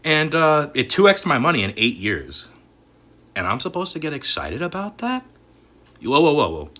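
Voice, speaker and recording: A man ranting angrily on his vlog, cursing constantly and swinging between shouted outbursts and low, grumbling asides. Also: wildly swooping pitch, moderate pace. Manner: angry and swearing, swings from shouting to muttering. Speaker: crypto and collectibles YouTuber.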